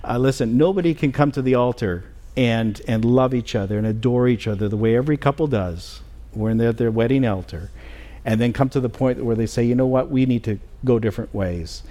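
Man, pastor, middle-aged, earnest sermon, halting with fillers, church. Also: medium pitch, mellow. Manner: earnest preaching with many fillers and restarts. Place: church sanctuary.

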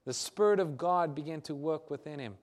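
A man preaching a sermon, acting out quoted dialogue and swinging from loud declarations to hushed, quiet lines. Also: fairly high pitch, brisk.

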